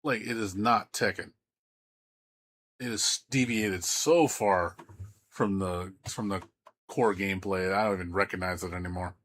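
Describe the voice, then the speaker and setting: A man's voice: low-pitched, unhurried, pauses often, a bit bright. A man streaming games, ranting in a heated, profane way with lots of stammering restarts. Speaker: game streamer. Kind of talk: live-stream rant.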